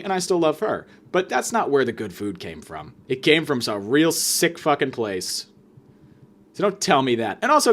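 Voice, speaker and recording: A young man hosting a podcast, ranting through a funny story with a lot of sarcasm and swearing. His voice sits a little high for a man. It swings widely up and down as he gets worked up. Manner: animated, profane, sarcastic storytelling with quick asides. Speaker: podcast host. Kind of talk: comedic storytelling rant.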